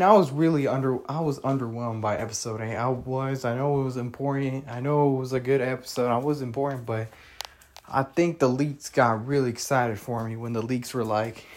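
A young man hosting a casual solo podcast, rambling and opinionated, with many fillers, restarts and some cursing. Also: medium pitch. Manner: opinionated, with frequent mild cursing. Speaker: podcast host.

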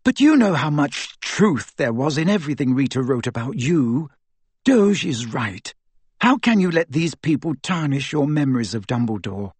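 A man's voice: fairly high pitch, big pitch swings, moderate pace, husky, no echo. A man reading an audiobook, voicing a clever, earnest teenage girl in a raised voice. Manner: earnest, urgent. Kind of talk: audiobook character voice.

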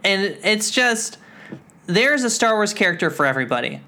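Bright playful podcast co-host. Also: mid-range voice, sing-song, normal speed. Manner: playful, lots of ums, jumps into silly voices. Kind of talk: casual comedic chat.

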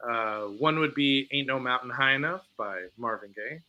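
A man co-hosts a podcast in a mid-range voice with a sharp tone and moderate pace, chatting casually and laughing often. The recording sounds muffled.

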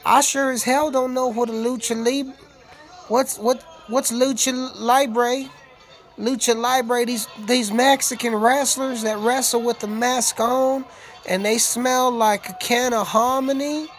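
A man's voice: very high-pitched, fairly even intonation, slow pace, pitched above the performer's own voice. A man putting on the voice of a folksy, rambling country cowboy. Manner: drawling put-on cowboy voice.

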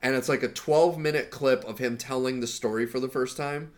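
A man's voice: medium pitch, fairly even intonation, brisk. A man co-hosting a casual podcast, rambling through movie stories and laughing as he retells scenes. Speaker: podcast co-host. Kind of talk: casual chat.

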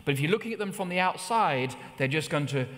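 A middle-aged man preaching a sermon, telling personal stories with lively rises in pitch. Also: fast talker. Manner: anecdotal, with animated rises in pitch. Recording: long hall reverb.

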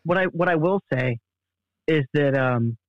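A man appearing as a guest on a casual book podcast, speaking in a relaxed, thoughtful way. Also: fairly high pitch, measured pace, dry recording, highs cut off.

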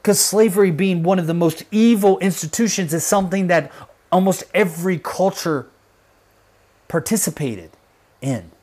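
Man, livestream host, fervent commentary, fairly high voice, emphatic. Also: normal speed. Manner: emphatic, drops to hushed intensity on serious points.

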